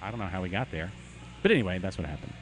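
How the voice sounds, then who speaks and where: A man co-hosting a beer show, telling a rambling story in casual chat, with many halting restarts. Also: sits low, animated, faint music behind. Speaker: podcast co-host.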